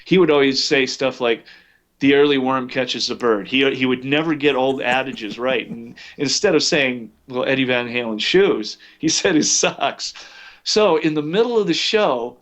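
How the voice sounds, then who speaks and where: A man's voice: mid-range voice, fairly bright tone, muffled recording. A man telling long anecdotes as an interview guest, full of fillers and restarts. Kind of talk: storytelling in a podcast interview.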